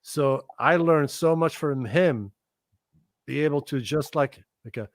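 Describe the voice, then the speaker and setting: A middle-aged man who's a guest musician relates stories conversationally, swearing freely and acting out others' words with animation. He sounds fairly high-pitched and speaks at a measured pace, in a dry recording.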